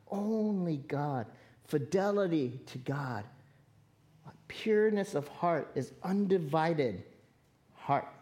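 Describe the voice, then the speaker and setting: Slow-spoken woman pastor preaching. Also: low-pitched, darkish tone. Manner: earnest, conversational preaching with direct appeals to the congregation. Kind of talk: sermon.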